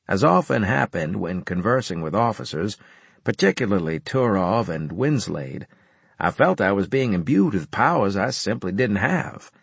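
A man reading a first-person audiobook narration in a measured, wry storytelling manner. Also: lowish voice, gravelly, fairly bright tone, slightly rough, no echo.

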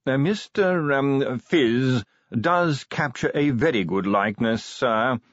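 A man voicing a prim, smooth-spoken middle-aged butler with a formal, deferential manner in an audiobook. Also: mid-range voice, animated, takes it slowly, dry recording, muffled recording, voice pushed up.

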